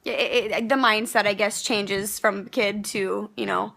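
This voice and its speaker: A woman's voice: mid-range voice, fairly even intonation, a little slow, creaky, a bit bright. A pregnant young woman ranting frankly to camera, heated and profane, with many fillers and restarts. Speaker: vlogger. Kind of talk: casual rant to camera.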